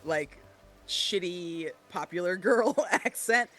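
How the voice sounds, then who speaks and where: A man guesting on a podcast, chatting casually and telling animated, profane stories with frequent laughter. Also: high-pitched, takes it slowly, a little hiss or hum. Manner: animated, profane storyteller who laughs often. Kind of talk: casual chat.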